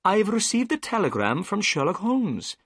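A humbled male police inspector, pitched well above the voice of the man reading the story, speaking apologetically and a little hesitantly. The voice sounds husky and the recording is dry. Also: big pitch swings, moderate pace, a bit bright, no room sound, exaggerated voice. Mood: apologetic.

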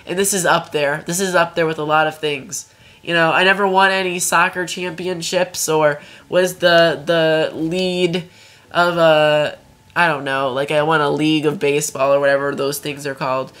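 Young woman gamer yelling at a fighting game, playful trash talk, lots of frantic no no no. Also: low-pitched, steady tone, normal speed. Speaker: let's play gamer. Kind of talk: excited gameplay commentary.

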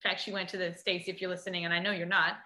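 A woman's voice: fairly low pitch, level tone, rapid-fire, bright, forceful tone, roomy sound. A woman co-hosting a podcast, chatting casually and telling stories with many restarts. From United States. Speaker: podcast co-host. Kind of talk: casual chat.

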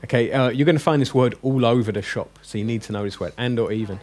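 A man's voice: mid-range voice, fast, a little mellow. A man teaching a classroom language lesson, joking and coaxing his students with questions.

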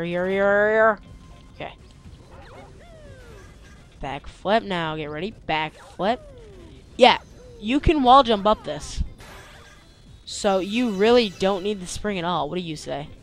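Tired, excitable young man gaming. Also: high voice. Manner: excitable, complaining, with sudden yelps. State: tired, yawning. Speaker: let's play host. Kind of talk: gameplay commentary. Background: faint game music.

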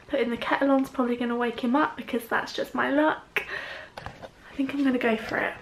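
A woman's voice: a little high, creaky, fairly bright tone, low-quality recording. A young woman and mother chatting candidly to camera in a casual vlog, with rambling asides. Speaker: vlogger and mother.

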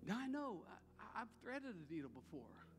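Male pastor, high-pitched, preaching to a congregation in a reverberant church sanctuary. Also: very animated, normal speed, music in the background. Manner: conversational preaching with repeated emphatic phrases. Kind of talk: sermon.

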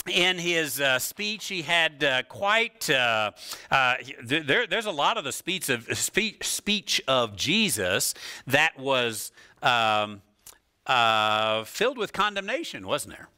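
Animated, bright-voiced male preacher. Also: mid-range voice, slow pace, smooth. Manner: animated, lively delivery with laughs and rhetorical questions; frequent filler words and restarts. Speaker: pastor. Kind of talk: sermon.

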